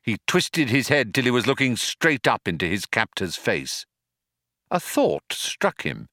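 A man narrating a comic story in a dry, measured storytelling manner. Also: medium pitch, sing-song, pushed and bright, dry recording. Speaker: audiobook narrator. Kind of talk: scripted narration.

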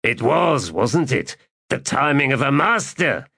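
A man's voice: medium pitch, big pitch swings, unhurried, creaky, pushed and bright, slightly rough, no room sound, clean studio sound, voice pushed up, full character voice. A man voicing a crude, mocking female mercenary.

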